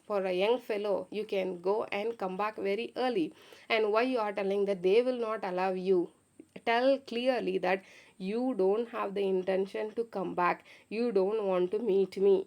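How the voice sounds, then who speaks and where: A woman teacher talks through a literature lesson in a mid-range voice. She retells the story in her own words, pausing often on fillers and "okay". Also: mid-range voice, darkish tone.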